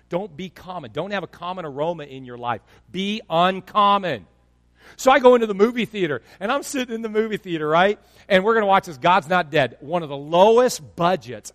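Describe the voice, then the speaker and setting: A male pastor preaching a sermon in an animated storytelling way, swinging between loud bursts and hushed asides. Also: high-pitched, in a large hall.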